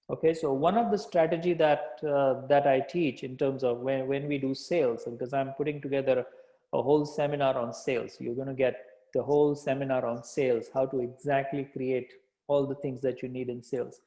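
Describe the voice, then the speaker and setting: A man's voice: medium pitch, fairly even intonation, moderate pace, warm tone. A man teaching a live sales workshop, repeating key phrases and checking in with listeners with "okay?". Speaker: sales coach. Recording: echoey room sound.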